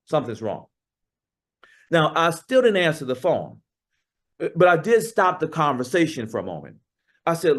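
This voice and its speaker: A man giving a keynote talk, telling a story with dramatic pauses and acting out the dialogue. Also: on the high side, big pitch swings. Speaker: keynote speaker.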